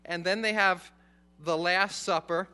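A preacher's voice sits high and moves at a measured pace, with a clear, resonant tone. He reads a Bible passage and explains it in an animated, chatty lesson, often pausing to check in with listeners.

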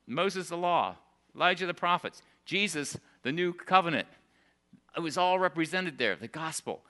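An older man preaching a sermon, emphatic at times and dropping to soft, quiet storytelling. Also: fairly high pitch, animated, normal speed. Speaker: pastor.

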